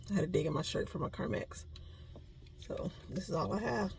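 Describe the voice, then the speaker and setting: A woman's voice: mid-range voice, fairly quick, vocal fry, a little mellow, breathy edge. A woman chatting casually to camera as she vlogs her van life outdoors, talking to herself and laughing at herself. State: out of breath while hiking. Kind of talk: casual vlog chat to camera. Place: outdoors, desert campground and sand dunes.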